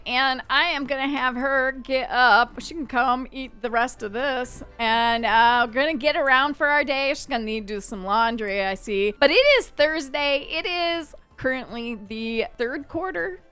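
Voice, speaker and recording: A woman casually narrating a life-simulation game, chatty and expressive, talking to the characters and the game as she plays. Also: sits high, smooth. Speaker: game streamer. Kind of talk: casual let's-play narration.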